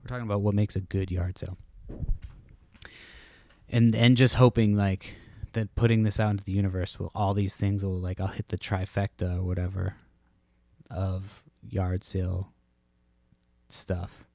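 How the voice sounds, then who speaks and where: Low-voiced man rambling on a podcast. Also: level tone, normal speed, creaky, long pauses, a little mellow, no echo. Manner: rambling, profane, laid-back storytelling. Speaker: podcast host. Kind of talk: casual solo podcast rambling. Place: at home.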